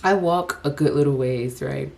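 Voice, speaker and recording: A woman's voice: a bass voice, moderate pace, vocal fry, darkish tone, a little hiss or hum. A young woman telling a personal story to the camera, casual and profane, breaking into laughter often.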